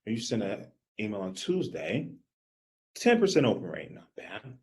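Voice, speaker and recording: A man giving a live coaching workshop, energetic and animated, talking straight to his audience. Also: on the low side, normal speed. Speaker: business coach.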